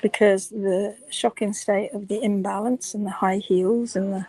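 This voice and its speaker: A woman hosting a casual live stream in a quiet half-whisper, her voice a little croaky. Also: medium pitch, steady tone, unhurried, no room sound, low-quality recording. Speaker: hoof care instructor and vlogger. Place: workshop ante room near a presentation.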